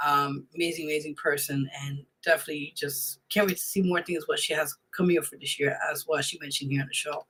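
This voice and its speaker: A woman's voice: low voice, fairly even intonation, quick pace, hardly any pauses, breathy edge, rough recording. A woman hosting a radio interview show, chatting casually and thanking her guest with lots of fillers. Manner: warm, effusive thanks with frequent fillers.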